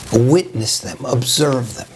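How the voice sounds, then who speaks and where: A man giving a slow, reflective spiritual talk, often restarting his phrases and asking "right?" as he works through his thoughts. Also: mid-range voice, animated, noisy background. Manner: slow, searching, with frequent restarts and rhetorical "right?". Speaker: preacher.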